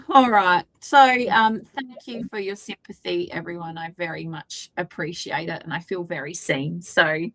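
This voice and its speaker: A woman's voice: lowish voice, normal speed, hardly any pauses, fairly bright tone, no room sound. Chatty Australian woman host, dry sound. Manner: chatty, candid storytelling with mild swearing. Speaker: webinar co-host. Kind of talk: casual live webinar chat.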